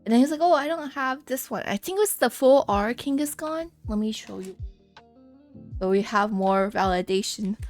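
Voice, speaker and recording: A woman's voice: fairly high pitch, expressive, normal speed, faint music behind. A young woman streaming live, chatting casually and telling rambling stories, laughing often at herself. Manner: giggly, rambling, self-deprecating storytelling. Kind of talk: casual live-stream chat while drawing.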